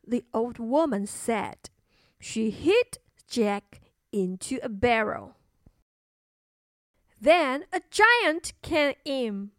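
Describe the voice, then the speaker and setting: Woman storyteller, children's story and vocab lesson, high pitch, slow careful pace, dry close sound. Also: sing-song, fairly bright tone, no echo. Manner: slow, clear, repeats words for learners.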